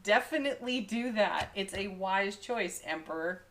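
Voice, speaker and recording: A woman's voice: medium pitch, lively intonation, moderate pace, a bit bright. A woman doing a daily tarot card reading, talking through the cards with frequent giggles and enthusiastic exclamations. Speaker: tarot reader.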